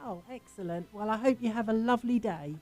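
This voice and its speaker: A woman's voice: a little high, a little fast, a little mellow, faint music behind. A woman co-hosting a radio show, chatting with callers in a polite put-on British manner. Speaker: radio co-host and judge. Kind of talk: radio call-in chat.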